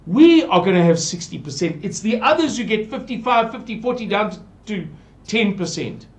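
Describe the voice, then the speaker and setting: A man speaks in an earnest, pleading monologue, circling back and repeating himself. His voice sits high and swings widely up and down. A gravelly edge runs through it. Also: lively intonation, moderate pace. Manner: pleading, repetitive, digressive. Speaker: channel presenter.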